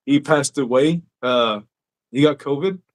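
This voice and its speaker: A podcast host with a medium-pitched voice, speaking a little slowly, tells stories in a casual, profane manner. It's relaxed chat.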